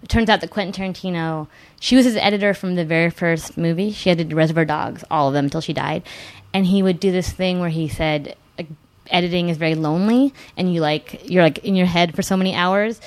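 A woman's voice: fairly low pitch, a little fast. A woman guest on a podcast, telling stories in a rambling, digressive way full of restarts. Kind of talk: casual chat.

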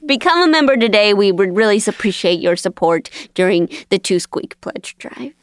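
A woman co-hosting a casual comedy podcast, teasing and playful as she makes a pledge pitch. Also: lively intonation, normal speed, a little hiss or hum. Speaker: co-host.

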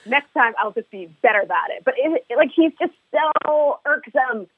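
A woman guest-hosting a podcast, telling a story in casual chat. She is lively and sheepish and acts out her own lines as dialogue. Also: high voice, normal speed, slightly rough, dry recording. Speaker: guest host. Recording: dry, phone-like line.

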